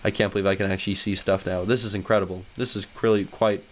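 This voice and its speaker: A young man giving excitable let's-play commentary, jumping into high squeals when startled or thrilled. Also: fast talker, a little hiss or hum. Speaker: gaming YouTuber.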